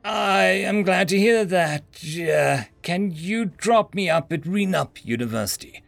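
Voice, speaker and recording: A man voicing an exasperated, sarcastic young man stranded in space, snapping and yelling at his rescuers. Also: high voice, expressive, a little slow, vocal fry, faint music behind, pitched above the performer's own voice, exaggerated voice. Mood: strained politeness.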